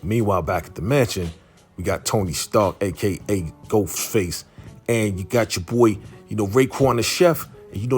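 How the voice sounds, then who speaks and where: A man's voice: lowish voice, moderate pace, a little mellow, faint music behind. A man casually recapping a TV episode in slangy storytelling, acting out the characters' lines. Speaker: YouTube show recapper.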